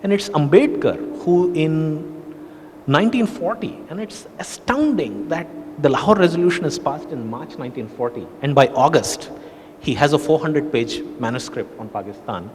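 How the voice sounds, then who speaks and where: A man with an Indian accent explains his research in a measured, lecturing way. His voice sits fairly high for a man and rings out with a long hall reverb. A faint ambient hum runs underneath. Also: lively intonation, darkish tone. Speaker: book author presenting at a panel. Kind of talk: academic talk.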